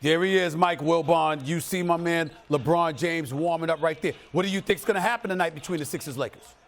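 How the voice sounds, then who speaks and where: A man hosting a sports show, loudly ribbing his guest and half-singing a catchphrase over highlight clips. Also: fairly quick. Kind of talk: loud animated sports commentary. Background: hip hop music.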